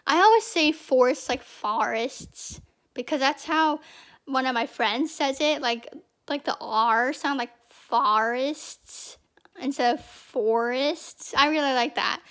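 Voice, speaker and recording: A woman's voice: sits high, measured pace, fairly bright tone. A young woman giving casual, rambling fan commentary as a channel host, chatty and prone to repeating herself.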